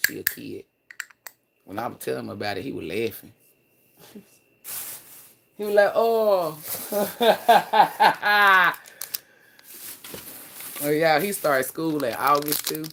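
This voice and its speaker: A man chatting casually on a livestream, rambling and profane, swinging between loud excited bursts and low mutters. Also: fairly quick, creaky, slight background noise. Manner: profane, slangy, laughs often. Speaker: livestream host.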